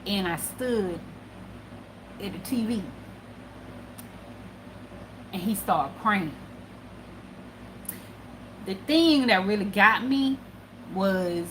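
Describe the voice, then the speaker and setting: Woman, casual vlog storyteller, profane and animated, faint background noise. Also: mid-range voice. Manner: animated and profane, swinging between hushed and loud. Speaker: spiritual channel host.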